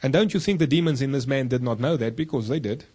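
A male pastor preaching a sermon, husky-voiced, throwing rhetorical questions to the congregation and slowing down low for key points. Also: a little mellow.

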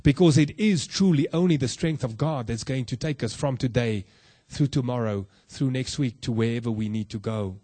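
A man preaching a sermon in an earnest, direct way, putting questions to his listeners and slowing to stress key words. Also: no room sound. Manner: slow emphatic phrasing with soft low drops. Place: room with a congregation.

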